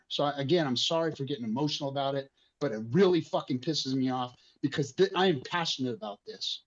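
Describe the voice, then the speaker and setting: A man's voice: mid-range voice, quick pace, hardly any pauses, muffled recording. A man hosting an online community discussion, speaking passionately and emotionally with frequent swearing.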